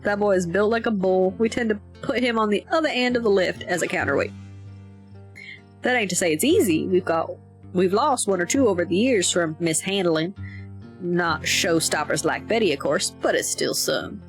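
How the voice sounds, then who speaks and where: Gruff older farmer, voiced by a woman, folksy, faint music behind. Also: mid-range voice, normal speed, close to an everyday voice. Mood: plain folksy. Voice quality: folksy, plain-spoken. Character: gruff older mountain man farmer, blunt.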